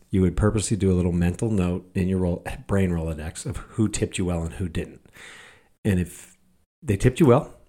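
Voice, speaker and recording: A man's voice: low voice, a little mellow. A man delivering a casual, profane monologue, angry and mocking as he rants. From worked as a bartender in Los Angeles. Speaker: podcaster ranting about current events.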